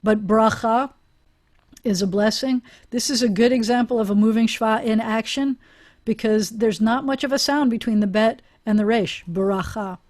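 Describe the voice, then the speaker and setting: A woman's voice: a little high, fairly even intonation, moderate pace, a little mellow. A woman rabbi teaching a Hebrew class over a video call, chatty and encouraging, often laughing with her students.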